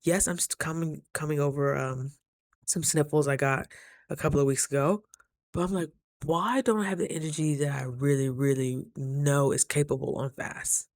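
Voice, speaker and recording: A woman vlogger telling stories to camera in a casual, animated, slangy way, acting out the voices of the people in them. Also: low-pitched, moderate pace, no room sound, clean studio sound.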